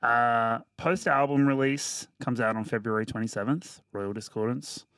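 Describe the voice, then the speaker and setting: A man's voice: mid-range voice, moderate pace, a bit bright, clean tone, no echo. Profane, laid-back middle-aged male podcast host. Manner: loose, profane, storytelling. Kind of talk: casual podcast chat.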